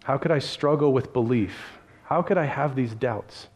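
A pastor voicing Thomas as a grown man quietly reproaching himself for his doubts. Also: mid-range voice, slightly rough, close to an everyday voice. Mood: ashamed. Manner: quiet, slow self-reproach.

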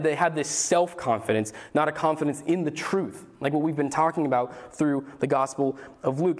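A man preaching an earnest sermon in a voice a bit higher than most men's. He talks his way through the passage and often restarts a phrase before he goes on. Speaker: pastor.

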